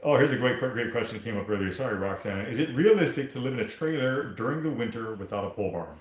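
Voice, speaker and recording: A man's voice: mid-range voice, animated, fast, echoey room, a little hiss or hum. A man co-hosting a casual livestream, reading super chats and chatting easily about his homestead. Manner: easygoing, reads viewer messages aloud.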